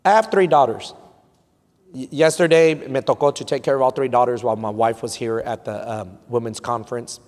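A pastor in his thirties with a Texan accent preaches a sermon in a brisk, medium-pitched voice, swinging from quiet storytelling to loud peaks and slipping Spanish phrases into his English. He's in a large church sanctuary, and the recording has long hall reverb.

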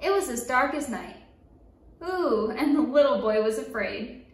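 High-voiced woman reading a children's book. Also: measured pace, far from the mic. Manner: lively, playful sound effects and call-and-response. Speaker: story time reader. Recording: echoey room, voice a bit off-mic.

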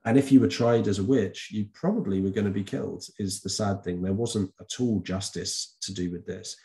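A man's voice: lowish voice, normal speed, mellow. A man talking through a casual revision lesson, chatty and loose, with frequent ums and self-corrections as he explains to the camera. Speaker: teacher. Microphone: camera recording.

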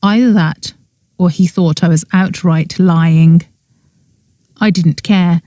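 Dark-toned woman reading an audiobook. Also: fairly low pitch, fairly even intonation, slow, dry recording. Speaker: audiobook narrator. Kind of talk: scripted first-person narration.

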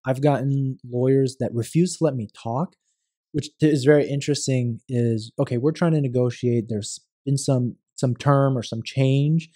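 A man, a real estate attorney and podcast guest, speaking in a measured, thoughtful way with frequent restarts in a conversational interview. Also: mid-range voice, mellow, no echo, clean studio sound.

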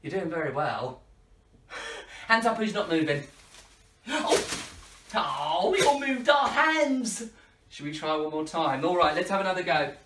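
A man runs a children's party show, swooping his voice all over with playful gasps and laughs. He talks slowly and clearly for the young viewers. He sounds far from the microphone in an echoey room at home. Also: high-pitched, big pitch swings, a bit bright, a little hiss or hum.

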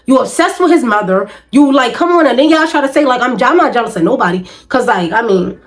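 A woman's voice: a little high, expressive, fast talker, poor audio. Woman venting emphatically to camera. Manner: emphatic, repetitive, frustrated venting. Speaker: vlogger. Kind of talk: casual talk to camera.

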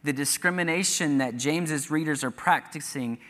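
A man's voice: fairly high pitch, normal speed, fairly bright tone. A man preaching a sermon as pastor, earnestly reading scripture aloud with emphatic rises. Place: church sanctuary. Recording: church hall reverb.

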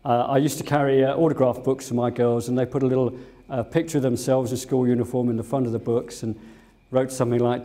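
Older english guy, ex pilot, chatty anecdotes with lots of uhs, warm low tone. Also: little pitch movement, quick pace. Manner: anecdotal, fond storytelling with fillers. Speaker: guest speaker, former airline captain. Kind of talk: museum talk. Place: museum lecture room.

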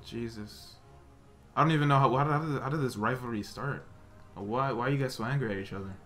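A man's voice: medium pitch, a little fast, a bit bright, soft background music. A man hosting a gaming voice chat, talking in a laid-back, bemused way. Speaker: host of the recording.

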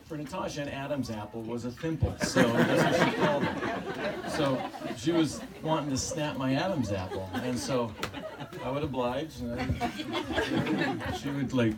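Man, eulogy at a memorial service, fond and halting, recorded from a distance with steady background noise. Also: mid-range voice, a loud crowd. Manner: halting, fond storytelling, often chuckling. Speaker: family member giving a eulogy. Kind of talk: personal eulogy with stories.

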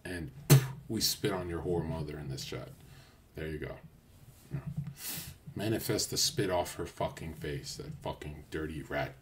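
A brash young man livestreaming in a casual, crude rant that swings from loud outbursts to low mutters. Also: moderate pace, noisy background.

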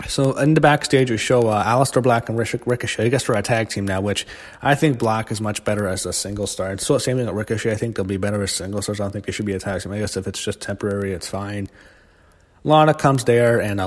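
A man giving a blunt, profane recap of a wrestling show in a casual ranting monologue. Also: lowish voice. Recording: long hall reverb.

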